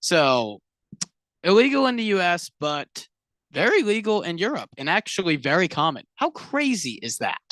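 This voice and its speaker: A man's voice: high voice, very animated, normal speed, a bit bright, no room sound, studio quality. A man co-hosting a sports radio show, chatty and curious, often agreeing and asking questions. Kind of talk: casual sports radio chat.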